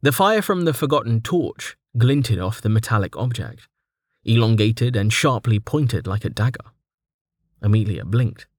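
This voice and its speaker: A man narrating a fantasy audiobook in a steady, even storytelling manner. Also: lowish voice, measured pace, dry recording, clean studio sound.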